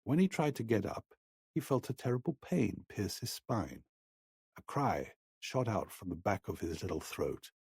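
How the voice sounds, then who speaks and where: Low, husky male audiobook narrator. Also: very animated, moderate pace, darkish tone, no echo, clean studio sound. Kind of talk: scripted horror audiobook narration.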